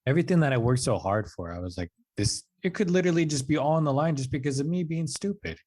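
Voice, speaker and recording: A man's voice: a little high, fast. A man in his twenties, a podcast guest, telling a personal story casually and acting out the quoted lines with a raised voice. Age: 20s. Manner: animated, acts out quotes with raised voice; casual, says "like" and "dude" often.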